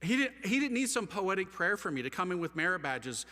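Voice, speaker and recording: Man with a fairly high voice, passionate testimony speaker, slangy and animated, reverberant hall. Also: brisk, hardly any pauses. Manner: animated, slangy storytelling with wide swings of loudness. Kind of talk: impassioned testimony talk to a live audience.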